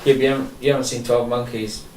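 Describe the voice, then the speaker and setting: A man's voice: mid-range voice, little pitch movement, quick pace. A man co-hosting a casual podcast chat, eager and sweary, cutting in often. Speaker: podcast co-host. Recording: roomy, distant mic, faint hiss.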